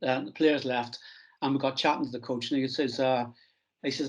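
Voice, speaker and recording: Middle-aged man from Northern Ireland, relaxed anecdotal interview, self-deprecating, slightly dull lo-fi sound. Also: mid-range voice, normal speed, husky. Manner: anecdotal, self-deprecating, acts out quoted dialogue. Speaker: strength and conditioning coach, interview guest.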